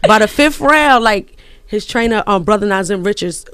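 A woman guest on a studio microphone, telling her story in excitable, profane bursts. Her voice sits mid-height and the room around her is dry and close. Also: medium pitch, normal speed, clean tone, no echo. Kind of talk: animated storytelling on a radio show. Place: radio studio.

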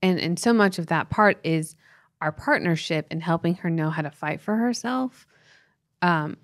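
A woman's voice: on the low side, normal speed, dry recording, clean studio sound. A woman in her forties co-hosting a parenting podcast, telling a painful family story in an earnest, tender way with many "you know" fillers. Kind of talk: emotional personal story on a podcast.

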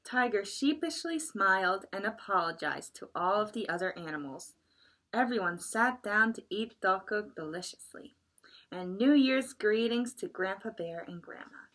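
A woman librarian reading a picture book aloud at children's story time, expressive and adding chatty asides for the kids. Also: mid-range voice, normal speed.

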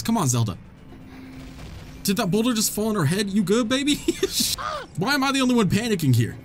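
Young man, gaming commentary, joking, lively swooping voice, slightly high, faint music behind. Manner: joking, talks back to the game characters. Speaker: gaming channel host. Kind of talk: casual let's-play commentary.

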